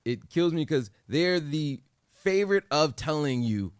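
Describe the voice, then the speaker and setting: A man's voice: fairly high pitch, expressive, a little slow, clean tone, no echo, clean studio sound. A man co-hosting a casual chat podcast, talking emphatically and animatedly with frequent restarts. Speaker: podcast co-host.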